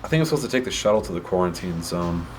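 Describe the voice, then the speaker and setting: Male co-host, blunt and profane, casual gaming chat with a lowish voice. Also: expressive, rapid-fire, slight background noise. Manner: blunt, swears a lot. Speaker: co-host playing the game.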